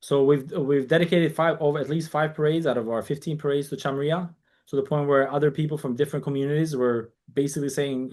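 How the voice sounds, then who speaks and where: Man, podcast guest, raised in New York, slightly higher pitch, animated storyteller, acts out quotes. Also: fast talker. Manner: animated storyteller, quotes people in dialogue, frequent restarts. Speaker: guest, community organization founder. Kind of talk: casual podcast interview.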